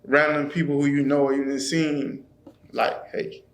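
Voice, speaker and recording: A man's voice: on the high side, level tone, normal speed, noisy background. A man from Florida, a trainer talking earnestly and loosely as a podcast guest. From Florida, USA. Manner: earnest, loose, repeats "you know what I mean". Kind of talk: casual conversation. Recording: roomy echo.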